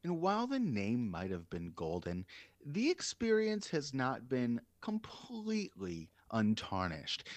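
A man co-hosting a casual podcast, talking in a lively, playful way. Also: mid-range voice, no echo. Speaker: co-host.

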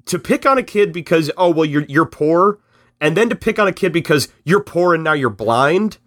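A man recapping a film in casual podcast chat, telling it in an animated way and slipping into quick voices for the characters. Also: a little high, no room sound, studio quality.

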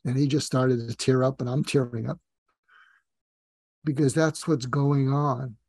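An earnest man tells a long story on a podcast, voicing each person in the dialogue as he goes. His voice sits at a medium pitch. The sound is dry and close, with almost no room. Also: fairly even intonation, measured pace, a little mellow, breathy edge, no room sound. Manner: earnest, speaks in long anecdotes with quoted dialogue. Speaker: guest psychiatrist and author. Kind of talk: reflective storytelling.

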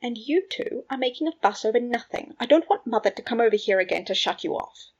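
A woman's voice: a little high, expressive, quick pace, husky, pitched above the performer's own voice. A woman reading a fan fiction audiobook, voicing a blunt, brash young wizard rebel. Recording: dull lo-fi recording.

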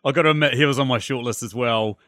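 A man hosting a casual film podcast, animated and acting out characters' reactions as he talks. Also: medium pitch, fast, dry recording, clean studio sound. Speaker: podcast host.

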